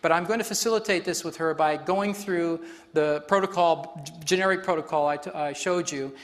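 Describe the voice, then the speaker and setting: A man's voice: fairly high pitch, a little fast. A man facilitating a live workshop demonstration on stage before an audience, explaining in a chatty way and laughing often.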